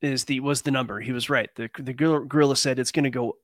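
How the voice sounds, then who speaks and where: A man hosting a trading show, talking in a relaxed, rambling way with many fillers. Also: medium pitch, quick pace, dry recording, clean studio sound. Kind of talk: casual chat.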